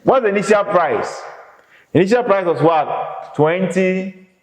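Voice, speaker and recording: A man's voice: high-pitched, animated, unhurried, slight background noise. Guy teaching econ, very emphatic, keeps asking the class stuff, roomy echoey sound. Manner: emphatic, repeats questions to the class. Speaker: economics lecturer. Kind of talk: classroom lecture. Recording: echoey reverberant room.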